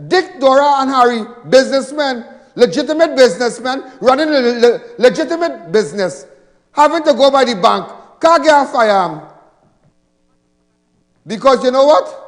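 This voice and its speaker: A Trinidadian man giving a fiery political rally speech in a large hall, emphatic, mocking and repeating his points. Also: very high-pitched.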